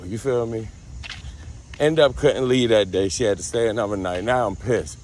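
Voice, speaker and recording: A man's voice: lowish voice, moderate pace, slight background noise. A man with a Baltimore accent telling a profane, slangy story outdoors while walking. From Baltimore, USA. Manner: loose, profane street slang, animated retelling. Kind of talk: casual storytime vlog. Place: outdoors on a walk.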